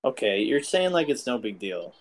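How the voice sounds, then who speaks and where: A man's voice: medium pitch, big pitch swings, moderate pace, rough recording. Joking man telling a story on a podcast. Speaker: podcast co-host. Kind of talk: casual chat.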